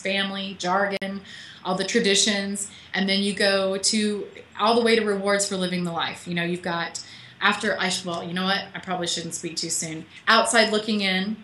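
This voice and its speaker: A woman's voice: medium pitch, pushed and bright, reverberant, a little hiss or hum. A woman author being interviewed over a call from her home office, chatty and emotional, laughing often. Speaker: author guest. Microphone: call audio.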